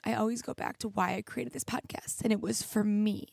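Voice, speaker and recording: A woman's voice: mid-range voice, fairly even intonation, fairly quick, vocal fry, darkish tone, husky, no echo, clean studio sound. A young woman hosting her own podcast, talking candidly and reflectively, teary at times, with many "like"s. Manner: candid, reflective, heavy use of "like". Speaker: podcast host. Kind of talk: emotional solo podcast monologue. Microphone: studio mic with headphones.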